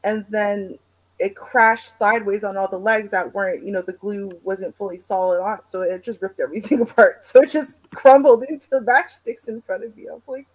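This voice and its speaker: A woman from Canada co-hosting a podcast, telling stories in an animated, dramatic, chatty way. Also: medium pitch, moderate pace. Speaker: co-host. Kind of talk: casual chat.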